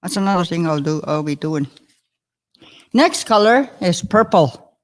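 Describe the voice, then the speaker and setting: A woman teaches words at a slow, patient pace, her somewhat low voice carrying lively intonation. Between terms she chats and chuckles often, taking care to sound out every new word.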